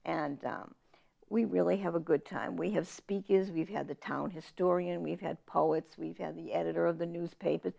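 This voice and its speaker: A woman chatting as an interview guest, her voice heavy with gravelly fry. She tells stories in an animated way, slipping into the voices of the people she quotes. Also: on the low side, normal speed. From Massachusetts. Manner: animated storyteller, quotes family in lively voices. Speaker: author guest. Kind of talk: casual interview chat.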